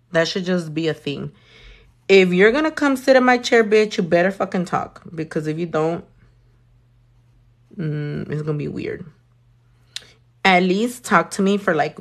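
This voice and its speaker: A woman's voice: on the low side, vocal fry, a bit bright. A young woman doing her nails while chatting with live viewers, blunt and sassy, swearing often. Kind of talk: casual chat with live viewers.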